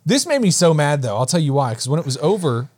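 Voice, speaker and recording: A man's voice: fairly high pitch, big pitch swings, darkish tone, dry recording. A man co-hosting a podcast, chatting casually and eagerly about a film he loved. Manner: enthusiastic, reads quickly. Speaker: podcast co-host. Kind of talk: casual film review chat.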